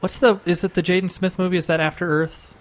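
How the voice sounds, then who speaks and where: A man's voice: high voice, flat delivery, fast. Chatty laughing young man. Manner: chatty, laughs often, jumps into silly voices. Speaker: podcast co-host. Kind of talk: casual chat.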